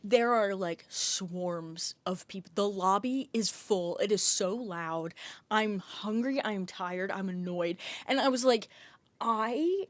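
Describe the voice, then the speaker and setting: A woman's voice: medium pitch, takes it slowly, dry recording. A young adult woman hosting a podcast, telling a long casual rant, rambling with lots of "like" and swearing freely. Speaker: podcast host.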